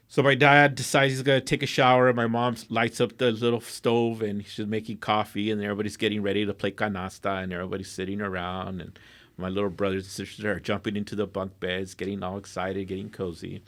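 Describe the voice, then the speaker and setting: A middle-aged man from Southern California telling a profane, animated story in a casual interview, slipping into Spanish phrases. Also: fairly low pitch, fast. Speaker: guest artist.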